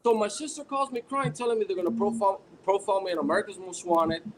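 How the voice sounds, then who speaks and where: Male guest, high voice, rambling anecdote, faint hiss behind. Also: fast, rough recording. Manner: animated, rambling with restarts. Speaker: podcast guest. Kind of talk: casual storytelling.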